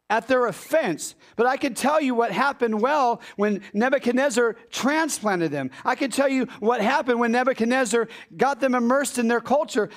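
A male pastor preaching a sermon in a church, animated and full of rhetorical questions to the congregation. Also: extremely high pitch. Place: church sanctuary.

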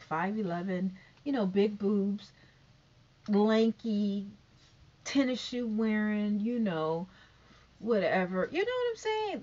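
A woman rambling through a casual opinion vlog about a talk show, full of fillers and asides. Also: fairly high pitch. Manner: rambling, animated, many fillers. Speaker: YouTuber commenting on a talk show. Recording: dull lo-fi recording.

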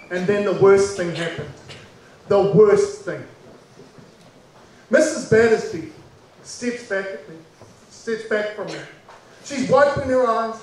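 A man performing a personal story aloud, dramatic and full of pauses, acting out the people in it. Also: high-pitched. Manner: dramatic, acts out voices and pauses. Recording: echoey room from far off with faint background noise.

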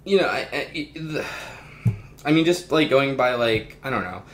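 A man chatting casually as a podcast co-host, his pitch swinging widely as he rants. He swears freely and slips into loud, mocking impressions. The recording has a roomy echo. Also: lively intonation, normal speed, slight background noise. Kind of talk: casual chat.

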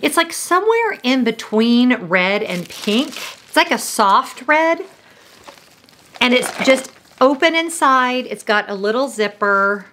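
A woman's voice: on the high side, very animated, slow pace, fairly bright tone, slight background noise. A middle-aged woman, gushing and emotional as she unboxes gifts and talks to her viewers. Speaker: vlogger. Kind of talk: gift unboxing vlog.

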